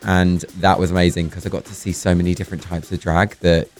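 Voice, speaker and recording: A man, a drag performer chatting as a guest, camp and animated, his voice going hoarse. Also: low-pitched, fast talker. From London. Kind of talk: casual chat.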